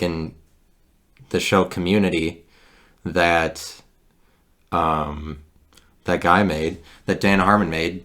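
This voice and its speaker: A man's voice: sits low, a bit bright. A man hosting a podcast, talking in a rambling, sarcastic solo monologue into a handheld recorder, often breaking off and restarting his sentences. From Midwestern United States. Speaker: podcast host.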